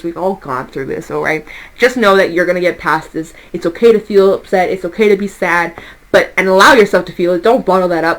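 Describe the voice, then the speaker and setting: Over a rough recording, a woman with a lowish voice gives a casual tarot reading. She's chatty and reassuring, laughing every so often and swearing a little.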